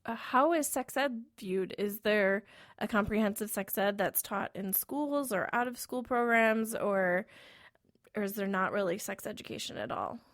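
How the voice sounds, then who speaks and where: A woman's voice: medium pitch, moderate pace, no echo, studio quality. A woman interviewer asking curious, probing questions.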